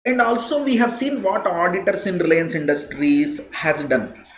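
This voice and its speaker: A man with an Indian English accent teaches a live online lecture at a moderate pace, conversational yet emphatic, repeating key phrases to stress his points. His pitch swings widely as he accents words. The audio is roomy and echoey with faint background hiss.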